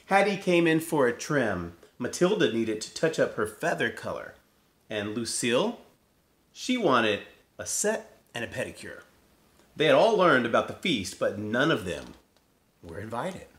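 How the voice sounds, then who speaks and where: A man reading a picture book aloud in a gentle, playful storytelling manner. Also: mid-range voice, very animated, measured pace, roomy sound.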